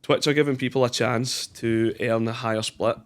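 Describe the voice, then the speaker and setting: A man's voice: medium pitch, steady tone, normal speed. A Scottish man in his twenties, a guest content creator in a casual podcast chat, who laughs easily and keeps saying "mate.". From Scotland. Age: 20s. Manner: chatty, laughs easily, says "mate" and "aye" a lot.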